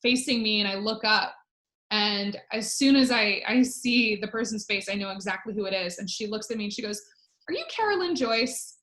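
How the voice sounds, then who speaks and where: A woman's voice: medium pitch, brisk. Chatty woman telling a story, echoey. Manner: lively, chatty, many fillers. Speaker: guest speaker, former Olympic swimmer. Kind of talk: personal storytelling in a webinar. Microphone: video call.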